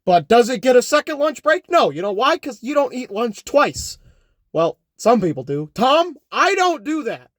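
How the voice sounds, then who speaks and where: Young guy doing a goofy rambling vlog rant, high bouncy voice, dry close sound. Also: very animated, normal speed, a bit bright, no room sound. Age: young adult. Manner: rambling, jokey, self-correcting, repeats "all right?". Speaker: YouTuber. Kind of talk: unscripted comedic vlog rant. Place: home.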